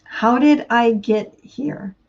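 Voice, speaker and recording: A woman giving a casual inspirational talk, unhurried and laughing often between thoughts. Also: fairly high pitch, vocal fry, a little mellow, dull audio. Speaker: motivational speaker.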